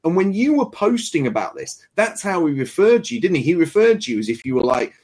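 A man hosting a casual discussion show, talking in an animated, sarcastic and indignant way. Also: sits high, fairly quick. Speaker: show host.

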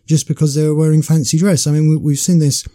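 A man co-hosting a podcast, speaking in an earnest, indignant, measured way. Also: on the high side, little pitch movement, mellow. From Britain. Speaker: podcast co-host. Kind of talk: casual opinion chat.

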